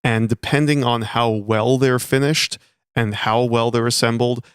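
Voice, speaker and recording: A man's voice: mid-range voice, fairly even intonation, a little slow, clear, resonant tone, no room sound, studio quality. A young man hosting a podcast who explains details in a careful, precise way. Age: young adult. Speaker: podcast host. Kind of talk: casual podcast chat.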